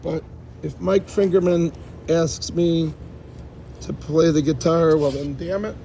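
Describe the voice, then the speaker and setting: A man's voice: fairly high pitch, fairly even intonation, slow, creaky, warm tone, a little hiss or hum, rough recording. A man casually giving a rambling, joking tour of his cluttered space, talking straight to a friend.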